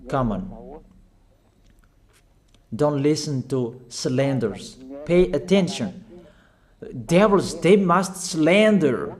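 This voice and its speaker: A man preaching a sermon in halting, non-fluent English, urging his listeners with short, repeated calls. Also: mid-range voice, a little mellow. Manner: emphatic, repetitive exhortation in non-fluent English.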